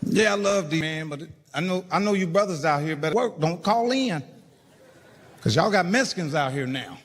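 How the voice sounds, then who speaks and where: A man with a high voice does stand-up on stage. He tells a story in a loose, profane, animated way, and he acts out the people in it. A long hall echo trails his words, and a loud laughing crowd sits behind him. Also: moderate pace. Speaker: stand-up comedian. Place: stage in a large venue with a live audience.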